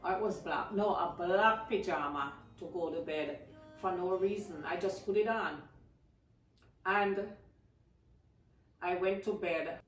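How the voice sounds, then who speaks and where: A woman's voice: on the low side, a little slow, long pauses. A woman from Jamaica, telling a personal story to her viewers in a casual, emotional way and calling them guys. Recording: echoey room, mic at a distance, faint music.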